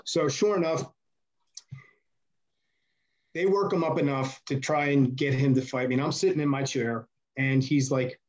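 A man telling backstage stories as a podcast guest, rambling and animated, loudly acting out the voices of the people he quotes. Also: medium pitch, moderate pace, pauses often. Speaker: podcast guest, former wrestler. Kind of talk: casual storytelling interview.

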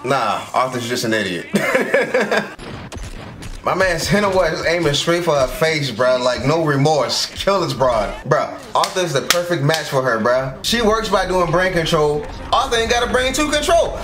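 A man giving excited, casual reaction commentary, exclaiming often in slangy, profane talk. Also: a little high, measured pace, roomy sound. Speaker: anime reaction vlogger. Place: home room with orange background lights.

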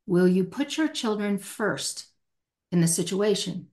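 A woman's voice: medium pitch, lively intonation, measured pace, darkish tone. A middle-aged woman, a hostage negotiator as podcast guest, answering passionately and acting out quoted speech. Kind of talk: emphatic podcast interview answer.

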